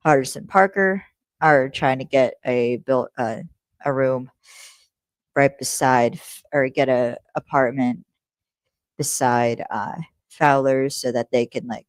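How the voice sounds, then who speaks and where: A woman's voice: rumbling low, fairly even intonation, slow, a little mellow, no echo. Casual swearing woman host recapping. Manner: rambling, casual, swears freely, self-correcting. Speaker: podcast host.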